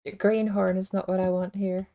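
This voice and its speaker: A woman's voice: medium pitch, little pitch movement, normal speed, warm tone. A woman streaming a game, talking casually and thinking aloud in a rambling, self-deprecating way. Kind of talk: casual livestream commentary.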